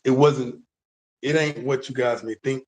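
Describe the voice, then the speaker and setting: A man from the United States with a deep voice, talking casually and emphatically to his viewers, often repeating words and asking if they understand. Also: steady tone, measured pace, a little mellow. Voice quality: deep, bassy voice. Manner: emphatic, repeats words, stops for "you understand what I'm saying". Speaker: vlogger.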